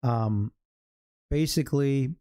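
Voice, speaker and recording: A man's voice: medium pitch, slow pace, warm tone, clear, resonant tone. A middle-aged man from California with an American accent, hosting a day-trading livestream in a loose, chatty way and joking around as he talks through his charts. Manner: chatty, jokey storyteller, laughs at own stories. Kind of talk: casual livestream chat.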